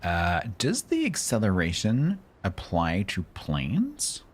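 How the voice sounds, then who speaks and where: A man streaming live gameplay and commenting as he plays, chatty and breaking into sudden excited exclamations. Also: low voice, takes it slowly, a little hiss or hum. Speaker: game streamer.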